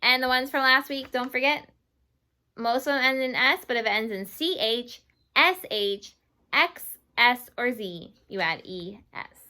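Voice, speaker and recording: A woman's voice: a little high, pushed and bright. A woman teaching English grammar to Spanish-speaking children, repeating each word patiently and slipping in Spanish glosses. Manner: slow, patient, repeats words for students.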